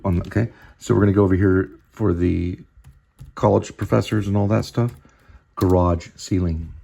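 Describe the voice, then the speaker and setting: A man's voice: low voice, vocal fry, warm tone. A man reading his own screenplay aloud, stopping often to explain and think aloud.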